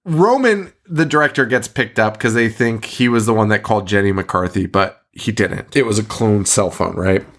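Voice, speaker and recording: A man co-hosting a casual movie podcast, animated and laughing often, hiccuping and burping as he talks into a mic. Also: lowish voice, normal speed, few pauses. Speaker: podcast co-host. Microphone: studio mic.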